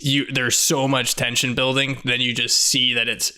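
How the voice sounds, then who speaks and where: A man's voice: medium pitch, little pitch movement, moderate pace, pushed and bright, smooth. A man co-hosting a podcast, hesitant and given to restarts as he chats about films. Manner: hesitant, restarts often, laughs easily. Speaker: podcast co-host. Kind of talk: casual film discussion.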